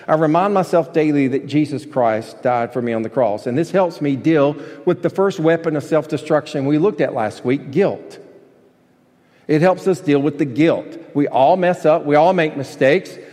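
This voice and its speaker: A pastor preaching a sermon in a somewhat high male voice, driving his points home with emphatic repetition and questions thrown out to the congregation. His voice rings through a large church sanctuary with a long, trailing reverb. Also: a little mellow.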